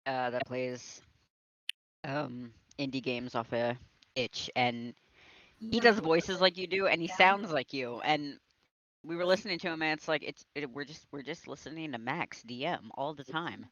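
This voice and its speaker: A man's voice: on the high side, lively intonation, measured pace, fairly bright tone. A man chatting and joking with friends on a voice call before a tabletop game session. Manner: joking, loose banter. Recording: dull, dry voice-call audio.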